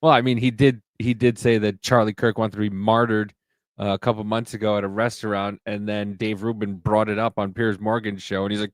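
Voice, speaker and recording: A man talking in a casual podcast chat, rambling and animated, swearing freely. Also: lowish voice, brisk, no echo. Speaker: podcast host.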